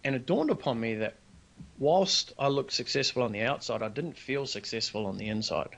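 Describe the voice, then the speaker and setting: A man's voice: mid-range voice, normal speed, vocal fry. Earnest New man telling a story. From New Zealand. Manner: earnest, animated storyteller who acts out quoted dialogue. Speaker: podcast guest, business founder. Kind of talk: personal storytelling in conversation.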